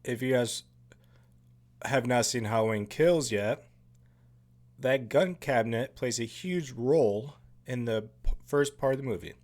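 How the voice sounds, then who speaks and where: Give me an excitable man cursing his way through a casual movie commentary, at an average pitch. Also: a little slow, pauses often. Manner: profane, excitable, jokey asides.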